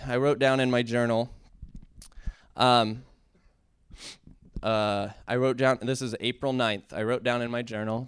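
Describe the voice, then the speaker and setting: A man sharing an earnest, halting testimony in a church talk that builds into impassioned preaching. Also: medium pitch, clean tone, no room sound, clean studio sound. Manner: earnest, halting, with many fillers and restarts. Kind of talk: heartfelt testimony sermon.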